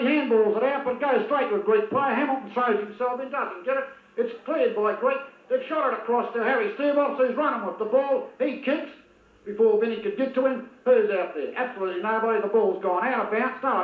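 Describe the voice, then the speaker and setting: A man with an Australian accent giving excitable, partisan commentary on a local football match and calling out to the players by name. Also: very high voice, a little fast, reverberant, narrow, tinny audio.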